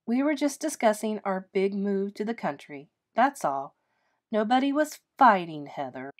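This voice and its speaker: A bubbly, dreamy mother from a read-aloud storybook, played by a woman. She coaxes her children brightly and gushes with excitement, sounding upbeat and persuasive. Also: medium pitch, normal speed, natural voice. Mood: cheerful coaxing. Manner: bright and coaxing. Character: enthusiastic, dreamy artist mother.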